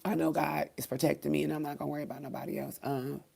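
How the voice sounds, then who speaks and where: Grieving woman host, low gravelly voice, halting and close to tears, talking to viewers. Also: little pitch movement, mellow. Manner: halting, many ums, swears, faith talk. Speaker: livestream host. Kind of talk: grieving livestream talk, reading comments.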